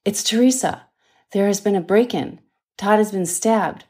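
A woman's voice: medium pitch, normal speed, a little mellow, voice pushed up, lightly acted. A woman voicing a nurse speaking firmly and urgently in a crisis, in an audiobook. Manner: firm, urgent. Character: calm but urgent young female nurse.

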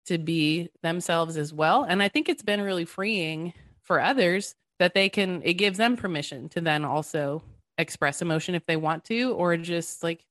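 A woman in her thirties speaks as a podcast guest in casual conversation, earnest and animated, with an easy laugh. Her voice sits a little low for a woman. The recording is close and dry. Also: normal speed, no room sound.

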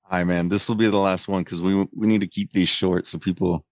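Gravelly, low-voiced male co-host. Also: little pitch movement, a little fast, no room sound, studio quality. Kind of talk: casual chat.

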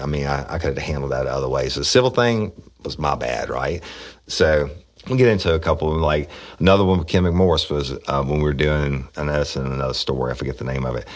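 A middle-aged man, a former police officer, telling rambling, profane stories in casual talk. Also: rumbling low. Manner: rambling, profane, with frequent restarts. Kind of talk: casual storytelling.

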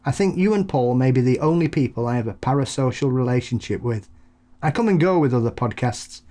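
A podcast co-host chats casually, spinning jokey, rambling anecdotes in a mid-range voice with a darkish tone.

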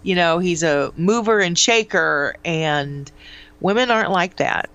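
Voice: mid-range voice, measured pace, fairly bright tone, clear, resonant tone. A radio co-host in casual studio banter, skeptical and teasing, on a studio microphone.

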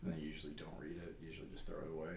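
A young man talking casually and haltingly, with lots of fillers. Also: a bass voice, completely flat delivery, far from the mic, slight background noise. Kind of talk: casual chat. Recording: echoey room.

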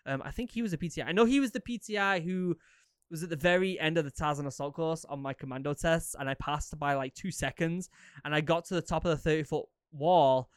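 Man, thirties, podcast host, rambling storyteller, slightly high voice, smooth clear tone, dry close sound. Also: fairly quick, no echo. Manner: rambling, animated, lots of fillers and repeats. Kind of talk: casual storytelling, answering listener questions.

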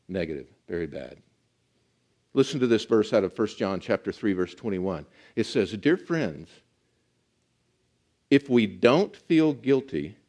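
Man, pastor, sermon, earnest, emphatic, slow stresses, soft drops. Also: mid-range voice.

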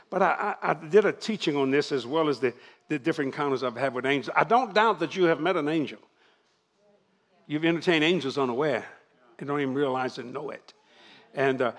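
An older man preaching to a congregation, joking and laughing as he goes. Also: on the high side. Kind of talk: church sermon.

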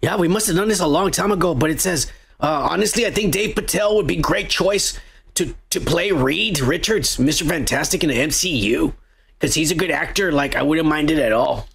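A man's voice: a little high, fairly quick, gravelly, fairly bright tone, husky. A man co-hosting a podcast, reading listener comments in a crude, rambling, swear-heavy chat. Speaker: podcast co-host.

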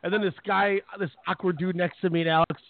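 A man's voice: high-pitched, fairly even intonation, fast talker, dry recording. A man co-hosting a casual wrestling podcast, rambling through stories and laughing often. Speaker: podcast co-host. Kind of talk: casual wrestling fantasy draft chat. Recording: tinny phone-line audio, dry.

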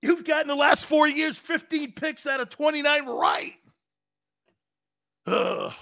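Loud gravelly brash sports-talk man. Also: very high-pitched, measured pace, no echo. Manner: loud, animated, shouting and laughing, brash. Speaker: sports talk show host. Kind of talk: live sports talk show, reading chat comments.

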